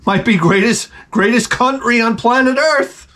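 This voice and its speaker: A man's voice: extremely high pitch, a little slow, pushed and bright, a little hiss or hum. A man giving blunt, crude relationship advice in a rambling comic monologue, often acting out what people say. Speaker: advice vlogger.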